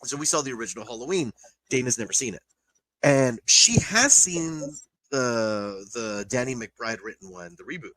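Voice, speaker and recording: A man of ordinary pitch chats casually on a podcast, rambling and emotional with plenty of fillers and curse words. His voice is recorded close and dry, with no room sound. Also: big pitch swings, moderate pace, sharp tone, no room sound, low-quality recording. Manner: rambling, emotional, swears freely, many fillers. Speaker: podcast co-host. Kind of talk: casual chat.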